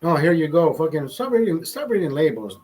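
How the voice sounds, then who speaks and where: A man's voice: a little high, sing-song, brisk, a little mellow, breathy edge, poor audio. A young man telling a rambling, profane story in casual chat, with many restarts. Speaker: vlogger host.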